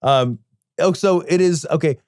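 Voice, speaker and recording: High-pitched, laughing podcast co-host man. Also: a little mellow, no room sound, studio quality. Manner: laughing, profane, drawn-out storytelling. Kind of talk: casual comedic chat.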